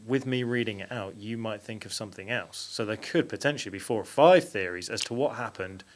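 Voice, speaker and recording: A man's voice: on the low side, brisk. A man hosting a paranormal podcast, laughing often as he reads out a story with mock drama. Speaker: podcast host. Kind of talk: casual chat, reading a story aloud.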